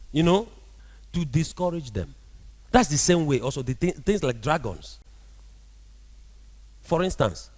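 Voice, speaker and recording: Animated male preacher in echoing hall. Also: high voice. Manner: animated preaching with frequent rhetorical questions to the congregation. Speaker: prophet preaching. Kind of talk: sermon.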